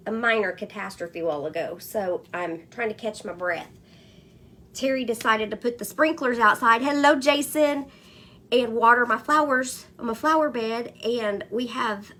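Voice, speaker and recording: A woman's voice: a little high, fairly bright tone, a little hiss or hum. A woman hosting a casual craft livestream, chatting and greeting viewers by name between stories. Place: home.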